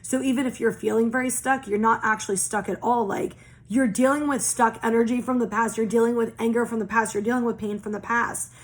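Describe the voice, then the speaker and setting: This young woman, a tarot and oracle reader, speaks briskly in a fairly high, steady voice during a casual spiritual reading. Earnest and reassuring, she repeats phrases in long lists and drops casual swear words.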